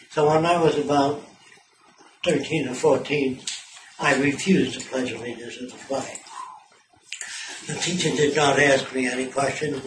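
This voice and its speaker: A man giving an informal talk to a small group of visitors, blunt and profane, telling stories with asides. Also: a little high. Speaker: speaker addressing visitors. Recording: echoey room, mic far off, clear background noise.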